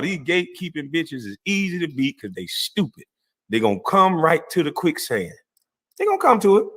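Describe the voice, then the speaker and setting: A man's voice: fairly high pitch, sharp tone, breathy edge. A man ranting on a livestream, profane, mocking and confrontational, laughing scornfully between lines. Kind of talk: heated livestream rant.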